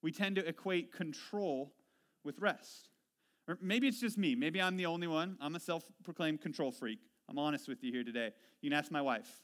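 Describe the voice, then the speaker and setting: A man with a slightly high voice preaches a sermon to his congregation. He tells stories about himself with a self-deprecating, conversational touch. He drops low and soft for his reflective points and gets animated when he retells his frustrations. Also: normal speed. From Washington State. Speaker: pastor.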